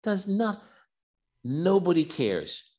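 Animated older male storyteller. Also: sits high, slow pace. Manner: animated storyteller who acts out dialogue, with repeated starts. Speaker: podcast guest, physician and author. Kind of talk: candid interview storytelling.

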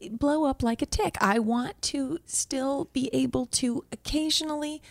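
A woman, co-hosting an improvised comedy podcast in a chatty, gossipy, excitable way. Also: high-pitched, unhurried, gravelly, no echo. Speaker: podcast co-host.

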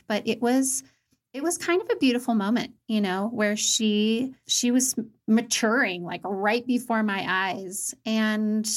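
Earnest higher-pitched woman host. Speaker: podcast host. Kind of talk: casual conversation.

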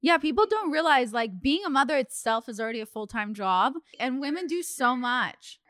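A woman's voice: high-pitched, expressive, normal speed, fairly bright tone, no room sound, studio quality. A young woman hosting a podcast in casual chat, chatty and affirming toward her guest. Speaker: podcast host.

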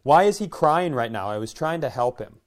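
Smooth-voiced comic storyteller, a man. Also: medium pitch, a little fast. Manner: animated storyteller who acts out the people he quotes. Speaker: podcast co-host. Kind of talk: casual comedic storytelling.

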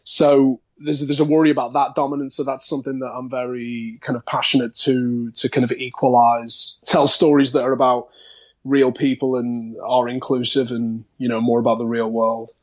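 A man's voice: mid-range voice, little pitch movement, moderate pace, lo-fi sound. A man with a light Liverpool accent, an actor chatting as a podcast guest, thoughtful and rambling with many fillers and restarts. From Liverpool, England. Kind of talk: casual interview chat.

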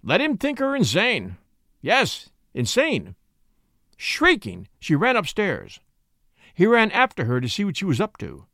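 A man reading a story aloud as narrator, with dramatic, expressive delivery. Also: high-pitched, measured pace, no echo, studio quality. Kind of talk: audiobook reading.

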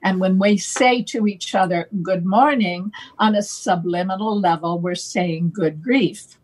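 A woman guest explaining playful wordplay in a relaxed conversational way, slow and deliberate, laughing now and then. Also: mid-range voice, slightly rough, poor audio. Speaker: guest on a talk show.

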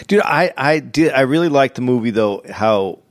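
A man's voice: mid-range voice, lively intonation, moderate pace, no echo. A man chatting casually about a movie, often repeating words and restarting his sentences.

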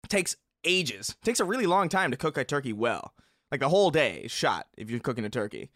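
A man's voice: medium pitch, very animated, fairly quick, a bit bright, dry recording, clean studio sound. A man in a casual podcast chat, rambling loosely and leaning on filler words.

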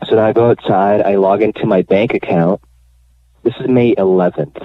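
A man being interviewed on the radio, telling his own story in a candid, animated way with many fillers. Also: on the low side, moderate pace. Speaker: guest telling his bank fraud story. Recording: dry phone line.

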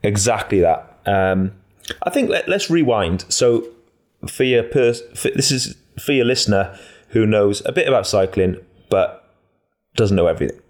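Male pundit, very deep voice, relaxed rambling delivery with plenty of ums, easygoing podcast chat. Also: moderate pace. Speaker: podcast co-host, cycling pundit.

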